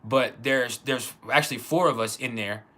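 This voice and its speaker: A man telling a personal childhood story in a casual, halting way, with many restarts. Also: mid-range voice, sharp tone. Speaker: channel host.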